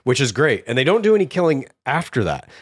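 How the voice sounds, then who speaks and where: Male podcast co-host, expressive pitch, dead-dry close sound, enthusiastic and profane. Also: fast, husky, no room sound. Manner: enthusiastic, profane, lively intonation. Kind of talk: casual chat.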